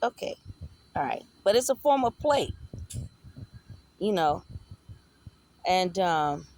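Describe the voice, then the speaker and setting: Woman vlogger, unhurried delivery, loose profane storytelling, conversational. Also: fairly low pitch, big pitch swings, darkish tone. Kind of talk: casual storytelling.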